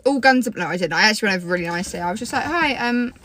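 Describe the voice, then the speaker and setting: A young woman telling a story to her followers, animated and swearing freely. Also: mid-range voice, rapid-fire. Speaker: social media creator. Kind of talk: casual story time.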